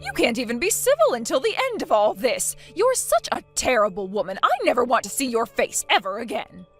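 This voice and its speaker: A scornful older mother-in-law gives orders in a high, lively voice, voiced by a woman. She sounds bossy and demanding. Soft music plays behind her. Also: a little fast. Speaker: story character.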